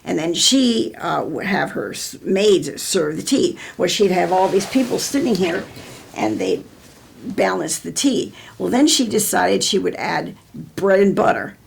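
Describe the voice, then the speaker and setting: A woman's voice: on the low side, lively intonation, a little slow, gravelly, breathy edge. An older American woman telling stories in an oral history interview, rambling with many restarts.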